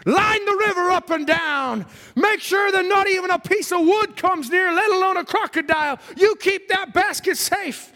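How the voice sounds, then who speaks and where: Preacher playing god barking orders, slow and loud, high voice, echoey hall. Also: male voice, heavily acted. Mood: commanding. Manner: commanding, booming orders. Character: commanding God giving orders to an angel.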